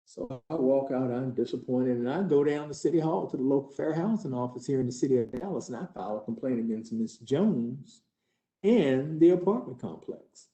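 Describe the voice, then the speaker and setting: A man's voice: medium pitch, animated, normal speed, mellow. A man acting out a case study as a trainer, earnest and conversational as he tells it in the first person. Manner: earnest, conversational, building tension. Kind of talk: first-person role-play storytelling. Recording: roomy hall.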